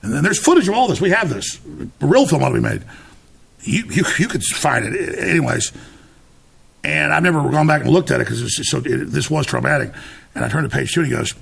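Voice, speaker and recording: Here the same kind of brisk, animated male voice sits fairly high, with vocal fry, a slightly bright quality and a breathy edge. As an interview guest, he recounts his story emphatically in conversation, restarting words and performing others' lines.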